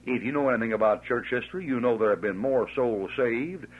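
A man's voice: medium pitch, brisk. A man preaching a fiery sermon, emphatic and scornful, stretching out his stressed words. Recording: tinny lo-fi old tape.

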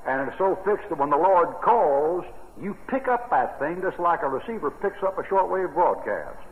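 A man's voice: on the high side, sing-song, normal speed. An older American man preaching a sermon on Bible verses in a folksy, rambling way. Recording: tinny old radio broadcast with long reverb.

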